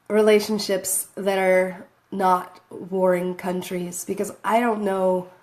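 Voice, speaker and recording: A woman talks casually to her phone camera, drifting from thought to thought. She is self-mocking and laughs often between lines. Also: medium pitch. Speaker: vlogger.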